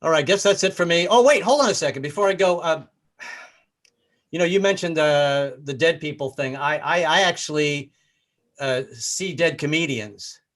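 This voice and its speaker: A man's voice: fairly high pitch, moderate pace, a bit bright. A man from the American South doing a live-streamed stand-up set from his apartment, stammering through restarts. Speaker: stand-up comedian.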